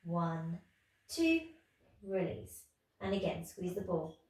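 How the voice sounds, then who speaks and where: A tired woman in her thirties leading a pilates class, calmly talking through moves and counting reps. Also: fairly low pitch, measured pace. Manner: calm instructing, counting reps. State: tired, yawning. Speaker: pilates instructor. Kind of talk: guided exercise class. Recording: echoey room from far off.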